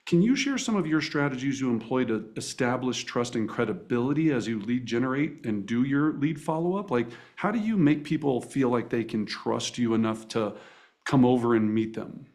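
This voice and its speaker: Enthusiastic male host, halting speech. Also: mid-range voice, animated, a little mellow. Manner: enthusiastic, halting, many restarts and fillers. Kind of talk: interview hosting.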